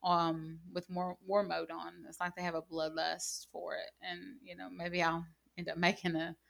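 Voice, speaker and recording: A woman's voice: on the low side, level tone, moderate pace, creaky. A woman in casual gaming chat, telling rambling stories full of "like" and "you know.". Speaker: gaming channel co-host.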